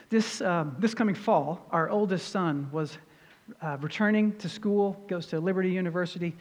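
A middle-aged man preaching a sermon as pastor, earnest and storytelling, rising in pitch and volume for emphasis. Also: in a large hall.

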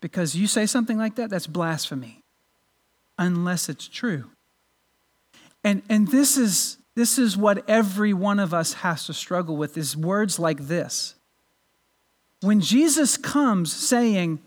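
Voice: medium pitch, lively intonation, unhurried. A pastor giving a sermon in an earnest way, often restarting words and asking rhetorical questions.

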